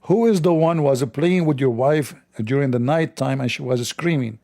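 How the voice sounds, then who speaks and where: A man's voice: medium pitch, moderate pace, gravelly, dark tone. A man hosting a livestream, talking in a sarcastic, mocking way in non-native English. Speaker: livestream host. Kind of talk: livestreamed commentary.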